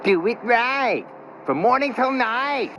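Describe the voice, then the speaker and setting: A man's voice: very high voice, animated, slow, sharp tone, slight background noise, voice pushed up, exaggerated voice. A man voicing a cheeky, mischievous male tank engine who mocks his boss. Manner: mocking, impish.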